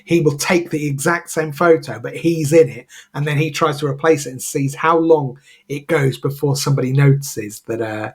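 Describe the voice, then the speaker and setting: A husky, slightly high-pitched man co-hosting a podcast. He chats casually and rambles, circling back with fillers and restarts. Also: moderate pace, hardly any pauses. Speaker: podcast co-host. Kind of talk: casual chat.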